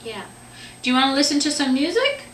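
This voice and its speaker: A woman's voice: high voice, very animated, brisk, fairly bright tone, a little hiss or hum. A young woman, a parent, patiently quizzing her small child on animal sounds in a home video, in a sing-song questioning way. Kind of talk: home video, coaxing a toddler. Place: home living room. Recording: roomy home camcorder sound from a distance.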